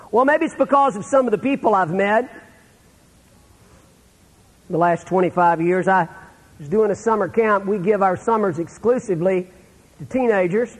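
A middle-aged man preaching a sermon, telling stories and dropping to a hush for the sad parts. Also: high voice, moderate pace, pauses often, husky, big-room sound, poor audio. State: terminal illness, on breathing treatments. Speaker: pastor.

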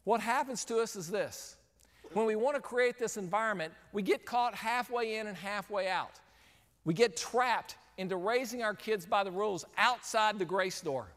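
A man with a high voice gives a sermon, telling a story with lively, acted-out moments. His voice rings through a large hall with a long reverb tail. He switches between plain teaching and playing out the scenes he describes. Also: moderate pace. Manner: animated storyteller, acts out scenes. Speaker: speaker.

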